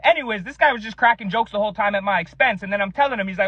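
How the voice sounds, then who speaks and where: A man telling a comic storytime in loose, exasperated slang. His voice sits high for a man. The recording is dry and a bit dull. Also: racing, no room sound. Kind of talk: comedic storytime narration.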